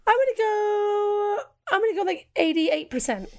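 A woman's voice: very high voice, lively intonation, normal speed. A woman co-hosting a comedy podcast, trading wry quips and laughing often. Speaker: podcast co-host.

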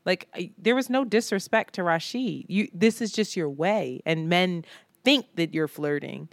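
A woman in her thirties co-hosting a casual podcast, telling animated stories, acting out friends' lines and laughing often. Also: fairly low pitch, measured pace, creaky, no echo. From Philadelphia. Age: 30s. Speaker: podcast co-host. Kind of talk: casual chat.

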